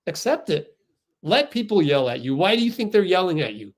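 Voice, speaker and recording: A man hosting a fan livestream, giving excitable live play-by-play and getting outraged at the referees. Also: sits high, fairly quick.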